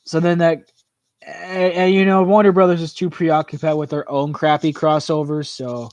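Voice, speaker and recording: A man hosting a livestream in a casual, rambling chat, filling his talk with "like" and "you know" as his voice tires and goes hoarse. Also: a little high, level tone, darkish tone, dry recording. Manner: rambling, full of "like" and "you know", quick laughs. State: voice tiring and hoarse. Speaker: livestream host. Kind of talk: casual chat reacting to viewer comments.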